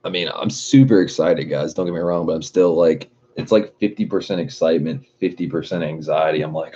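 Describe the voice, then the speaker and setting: Deep husky young man rambling on a stream. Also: normal speed, dark tone. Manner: profane, laughing, rambling. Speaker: livestream host. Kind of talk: casual chat with live chat readers. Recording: dull lo-fi stream audio.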